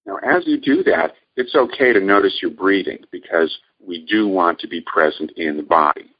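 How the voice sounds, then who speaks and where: A man leading a guided meditation lecture, speaking in a calm, measured, gently instructive way. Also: deep voice, breathy edge, dull audio. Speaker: meditation teacher.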